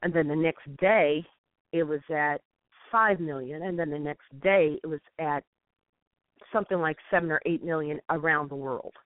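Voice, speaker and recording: A woman from St. Louis, USA, calls in to a phone talk show and tells an impassioned story, quoting dialogue. Her voice is low and moderately paced, coming through a tinny, dry phone line.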